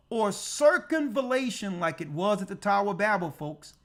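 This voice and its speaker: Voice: mid-range voice, expressive, moderate pace, few pauses, a bit bright. A church elder preaching on prophecy, emphatic and full of rhetorical questions. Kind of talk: prophecy teaching sermon.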